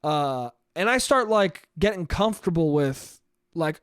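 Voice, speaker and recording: A young man hosting his own podcast, telling a personal story in an animated casual monologue full of swearing and acted-out thoughts. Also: on the high side, a little slow, smooth, no room sound, studio quality. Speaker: podcast host.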